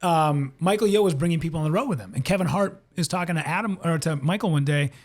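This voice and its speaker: With a quick pace and a voice on the high side, a Minnesotan comedian and ex-radio host chats through stories in a podcast interview. He's animated, voicing other people's quoted lines as he goes.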